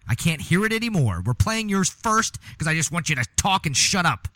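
A man's voice: on the high side, big pitch swings, brisk, bright, forceful tone, no echo, studio quality. A man hosting a podcast in casual, profane banter, teasing his co-hosts and laughing often. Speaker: podcast host.

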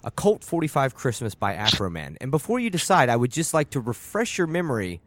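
A man's voice: medium pitch, very animated, a little fast, fairly bright tone, dry recording. A man co-hosting a podcast, teasing his co-host in profane casual chat and laughing often.

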